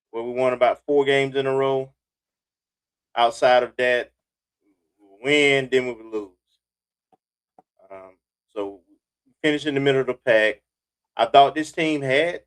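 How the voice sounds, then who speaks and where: A man co-hosting a sports talk show, giving a measured review of a team's season. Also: medium pitch, clear, resonant tone. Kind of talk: casual sports analysis chat.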